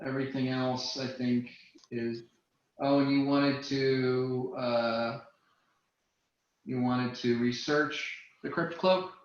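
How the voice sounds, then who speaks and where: A man's voice: mid-range voice, flat delivery, takes it slowly. A man running a tabletop game as game master, hesitant, with many ums and uhs. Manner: hesitant, lots of uh and um. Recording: roomy, dull lo-fi sound.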